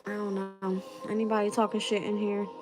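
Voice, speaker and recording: A woman's voice: medium pitch, level tone, fairly quick, over music. A woman hosting a tarot channel in a casual live-stream chat, blunt and profane and laughing often. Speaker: tarot reader and channel host.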